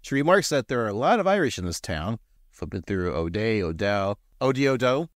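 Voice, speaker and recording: Brief: lower male podcast co-host, animated pitch, dry sound, sarcastic banter. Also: fairly quick, no echo. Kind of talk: casual chat and episode recap.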